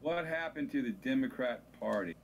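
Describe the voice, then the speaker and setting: A man's voice: medium pitch, lively intonation, moderate pace, vocal fry, a little hiss or hum, low-quality recording. A man, an attorney, calling in as a guest on a talk radio show, grumbling and opinionated. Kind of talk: casual talk radio chat.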